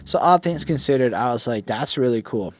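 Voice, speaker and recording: Medium in pitch and a little fast, a young man reviews an album on his podcast, the recording carrying a faint hiss or hum. He rambles casually, retells with animation, and fills his speech with "like."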